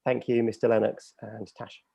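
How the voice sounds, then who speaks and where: A man's voice: medium pitch, little pitch movement, moderate pace, creaky, no room sound, highs cut off. A man hosting a casual livestream chat, rambling and self-mocking with lots of fillers. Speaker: host.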